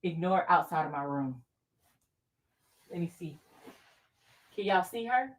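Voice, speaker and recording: A woman's voice: on the low side, lively intonation, measured pace. A woman hosting a casual crafting livestream, bubbly and chatty, laughing often and talking straight to her viewers. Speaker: crafting channel host.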